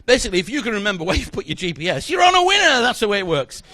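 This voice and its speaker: A man's voice: high-pitched, animated, very fast, sharp tone. A middle-aged man doing playful, joking stage patter as a magician, chatting with a volunteer from the audience. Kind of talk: live comedy magic patter.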